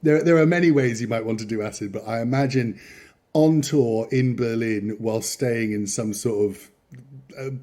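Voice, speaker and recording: Guy hosting a podcast, warm mellow voice, rambling chatty, laughs a lot. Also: medium pitch, normal speed. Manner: chatty, rambling, chuckles often. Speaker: podcast host. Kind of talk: casual chat.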